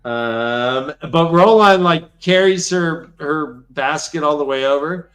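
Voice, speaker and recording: A man's voice: fairly high pitch, slow, a bit bright, faint music behind. A man hosting a book-club podcast, retelling scenes in a rambling, jokey way. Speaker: podcast host. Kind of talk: casual book-club chat.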